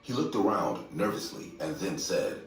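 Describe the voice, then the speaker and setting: A man narrating a scripted horror story in a steady, measured way. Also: low voice. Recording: echoey distant room, faint music.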